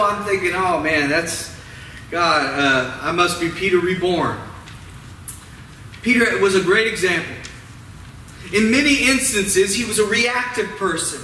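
High bright-voiced guy preaching, dramatic, phrase ends trail soft, roomy echo, little room noise. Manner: dramatic, drawn-out emphasis with falling, softening phrase ends. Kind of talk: sermon. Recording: roomy echo, mic at a distance, faint ambience.

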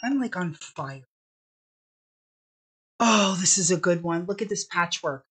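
A woman's voice: on the low side, animated, measured pace, fairly bright tone, husky. A woman hosting a casual live fabric sale stream, bubbly and chatty, stretching out each product name as she shows it.

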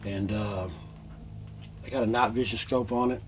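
A man telling his own encounter in an interview, animated, repeating himself, going from loud bursts to hushed tones. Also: fairly low pitch, normal speed, a little hiss or hum. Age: adult, a father. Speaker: eyewitness interviewee. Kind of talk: emotional first-person retelling.

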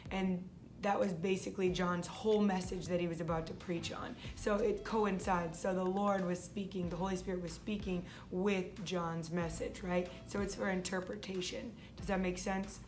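A woman's voice: on the low side, steady tone, normal speed, over music. A young woman hosting her faith vlog, talking casually and eagerly, often restarting her phrases. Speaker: vlog host.

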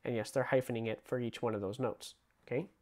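A man's voice: medium pitch, quick pace. Chatty male music teacher. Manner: relaxed and chatty, sings rhythms aloud while explaining. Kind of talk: casual online music theory lesson.

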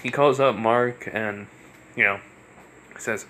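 Young male storyteller, rambling and filler-heavy, bright voice over faint background hiss. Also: medium pitch, fairly even intonation, slow pace, long pauses. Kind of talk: casual fan-fiction storytelling.

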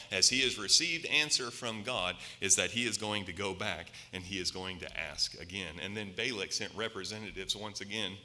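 A male preacher delivers a Sunday sermon in a very bright, sharp voice, telling the story and pressing the congregation with rhetorical questions. His speech carries through a church sanctuary with a long reverb. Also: on the low side.

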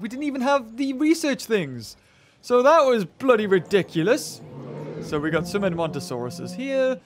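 A young man narrates his gameplay in a high, bouncy voice that swoops up and down as he chatters to himself. He hosts a gaming channel and keeps his commentary casual and excitable. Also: a little hiss or hum.

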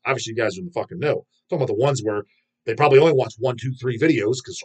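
A man's voice: medium pitch, racing, a little mellow, slightly rough. A man hosting a metal video channel, ranting in a rambling, profane and scornful way. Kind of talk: casual ranting vlog.

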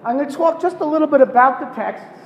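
A man giving a pre-concert lecture, explaining in a measured way with pauses and self-corrections, recorded in a concert hall. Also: extremely high pitch, expressive. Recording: echoey hall, dull lo-fi sound, faint noise.

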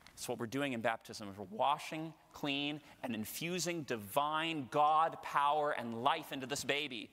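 A man preaching a passionate sermon as a priest, often building his voice up to a shout. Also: high-pitched. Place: large church. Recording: long church reverb.

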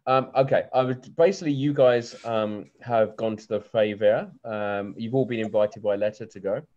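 A man's voice: on the low side, steady tone, normal speed, darkish tone. A man narrating as game master in a chatty way, full of ums and restarts, over a lo-fi video call.

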